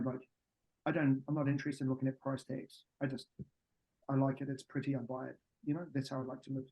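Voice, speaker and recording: A middle-aged man from New Zealand with a New Zealand accent, a podcast guest and business coach talking in a blunt, profane, animated way. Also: mid-range voice, poor audio. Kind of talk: podcast interview.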